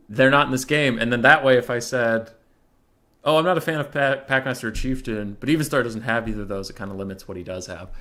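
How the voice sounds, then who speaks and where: A young man streams a strategy tournament and talks the viewers through unit matchups in a casual, rambling way. His voice sits a bit low but has a bright, forward edge. Now and then he works himself up into a mock-furious rant. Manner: chatty, mock-furious rants with laughter. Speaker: competitive strategy game streamer. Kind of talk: casual live-stream commentary.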